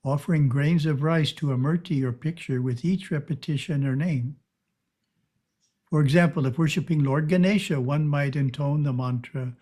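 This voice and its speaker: A man giving a calm, measured spiritual teaching talk over a video call. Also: fairly high pitch.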